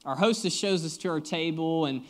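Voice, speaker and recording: A man's voice: a little high, normal speed. A young man, a guest pastor preaching a sermon, telling stories and joking with the congregation in a conversational way.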